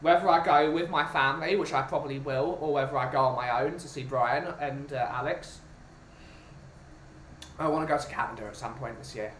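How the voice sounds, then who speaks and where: A man's voice: fairly high pitch, fairly quick, a bit bright, slight background noise. A man from the UK chatting casually as a podcast host, rambling and restarting his sentences. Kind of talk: casual chat. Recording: roomy with music behind.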